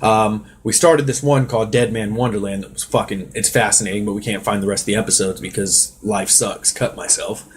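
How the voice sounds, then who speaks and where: A man's voice: fairly low pitch, steady tone, fairly quick, hardly any pauses. A man hosting a casual podcast chat, easygoing, self-deprecating and swearing freely. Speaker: podcast host.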